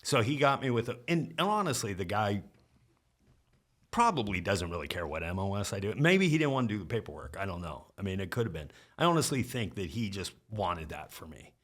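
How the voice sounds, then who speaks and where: A middle-aged man with a low, deep voice tells stories in a relaxed podcast chat. He talks casually and slips into the voices of the people he is quoting. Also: brisk. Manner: animated storyteller acting out quotes. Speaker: podcast guest. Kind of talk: casual storytelling.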